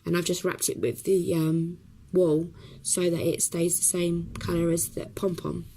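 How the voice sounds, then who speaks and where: Brief: hoarse woman, chatty craft tutor, lowish gravelly voice. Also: little pitch movement, unhurried, dark tone, a little hiss or hum, rough recording. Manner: chatty, talks while working, many ums. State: hoarse from a cough.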